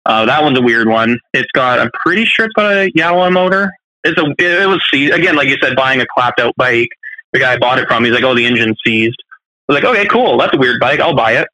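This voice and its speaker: A man chatting casually and rambling through stories with plenty of fillers. He talks fast with a bright, tense edge. The sound is dry and close, with no room around it. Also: mid-range voice, expressive, no echo, rough recording. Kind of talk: casual chat.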